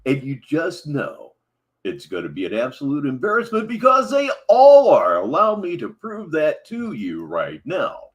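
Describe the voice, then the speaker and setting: A man's voice: a little high, wildly swooping pitch, a little slow. A man hosting a livestream, giving sardonic commentary on a clip he plays. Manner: sardonic, mocking asides. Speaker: livestream host. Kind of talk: casual commentary over a played clip.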